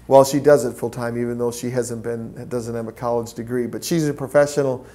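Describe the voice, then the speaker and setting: A man giving a training talk to volunteers, telling stories in a preacherly, animated way. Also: mid-range voice, fairly quick, few pauses. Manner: preacherly, storytelling, lively acted quotes. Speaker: pro-life petition trainer.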